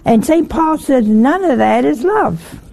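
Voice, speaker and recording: A woman's voice: high voice, lively intonation, unhurried, creaky, dark tone. A woman giving a folksy sermon, teasing her listeners with questions and laughing often. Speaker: preacher.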